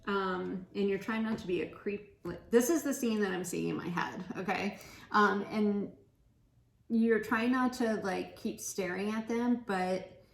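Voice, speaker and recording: A woman's voice: mid-range voice, measured pace, vocal fry. A woman giving a casual pick-a-card tarot reading, chatty and giggly, laughing often. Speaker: tarot reader. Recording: echoey room with faint noise.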